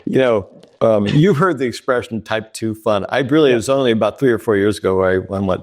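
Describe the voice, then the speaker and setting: A man guest in a casual interview, telling candid stories in an animated way, laughing often. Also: fairly low pitch, fast talker.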